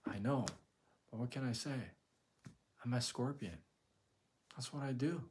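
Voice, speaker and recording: A man voicing a smooth-talking male scorpion in a retold fable, speaking in a casual, coaxing way. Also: a little slow, a little mellow, a little hiss or hum, natural voice. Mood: shrugging. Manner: casual, coaxing, low-key.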